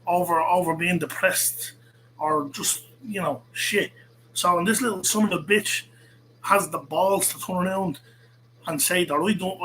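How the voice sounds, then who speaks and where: A man's voice: high-pitched, a bit bright, a little hiss or hum, rough recording. A man hosting a podcast, delivering a heated, profane rant and repeating himself as he goes. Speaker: podcast host. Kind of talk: angry ranting monologue.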